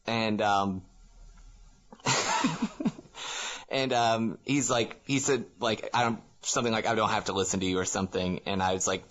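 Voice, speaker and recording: A man's voice: fairly low pitch, fairly even intonation, moderate pace, pauses often, fairly bright tone. A man co-hosting a podcast, telling a story in a rambling casual way with many fillers and laughs at himself. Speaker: podcast co-host. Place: living in Japan.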